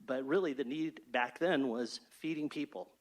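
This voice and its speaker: A man addressing a state board in a formal, well-organized presentation. His delivery is brisk and steady, like a prepared speech. His pitch is an ordinary middle register. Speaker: state fair chief executive. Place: state board meeting room.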